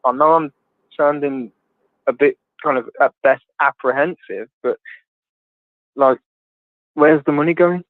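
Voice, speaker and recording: A man's voice: fairly high pitch, measured pace, pauses often, dry recording. Blunt rambling man on a tinny line. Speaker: livestream host. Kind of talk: casual chat. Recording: tinny phone-like line, dry.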